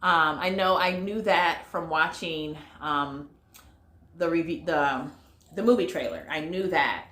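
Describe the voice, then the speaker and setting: A woman's voice: low voice, a little slow, fairly bright tone, reverberant. A woman giving a casual vlog movie review, chatty and full of fillers, talking straight to her viewers. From United States. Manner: chatty, lots of fillers, addresses viewers as y'all.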